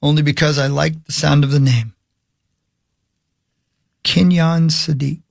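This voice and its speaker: A man bantering on a morning radio show, fond of repeating a line for laughs. His voice sits on the high side with a gravelly edge. The studio sound is dry and close. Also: steady tone, unhurried, no echo. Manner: playful, repeats bits for laughs. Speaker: radio co-host.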